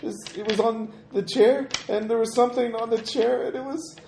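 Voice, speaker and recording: Brief: stammering, scared little girl, voiced by a man raising his pitch, in an echoey room with light hiss. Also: fairly even intonation, gravelly, warm tone. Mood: dazed, halting. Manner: halting, stammering, pleading. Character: frightened little girl trapped and lost. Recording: echoey room, faint noise.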